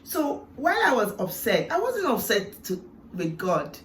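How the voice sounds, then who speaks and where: A woman's voice: on the high side, huge pitch swings, a little slow. Woman vlogger, heartfelt storytelling, reflective with emotional peaks; roomy, distant mic sound with faint background hiss. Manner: earnest and reflective, with emotional swells and hushed moments. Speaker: vlogger sharing a personal testimony.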